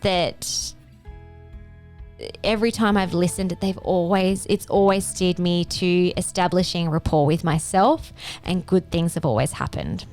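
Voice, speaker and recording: A woman hosting a wellness show, telling a personal healing story in an earnest, emotional, expressive way. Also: a little slow, faint music behind. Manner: expressive, rising into pitch when moved. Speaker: functional medicine podcast host. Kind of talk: personal health story monologue.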